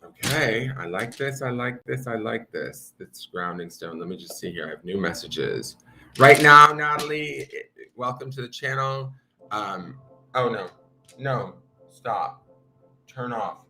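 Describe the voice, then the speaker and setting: A man's voice: fairly low pitch, a little slow, pushed and bright, faint music behind. A man reading tarot cards on a live stream at home, talking to his viewers in a meandering, chatty way. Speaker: tarot reader. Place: home room with an altar.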